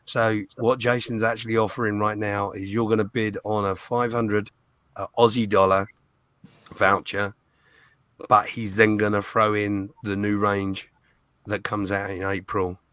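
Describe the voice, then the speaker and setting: A man hosting a charity auction stream, talking casually with many pauses and restarts. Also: lowish voice, flat delivery, fairly bright tone, clear, resonant tone, no room sound. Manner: hesitant, many ums and restarts. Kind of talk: casual live-stream chat.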